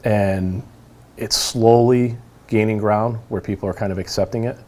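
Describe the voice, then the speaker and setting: A police officer in his forties from New England, telling stories in a casual interview and acting out the quoted lines with lively voices. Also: lowish voice, normal speed. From New England, United States. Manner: animated storyteller who acts out quoted lines.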